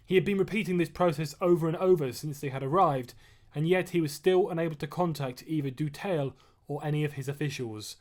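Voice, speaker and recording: Man reading his own novel aloud. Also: fairly high pitch. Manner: chatty and relaxed in the greeting, steady and measured when reading. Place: at home. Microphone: webcam or phone mic.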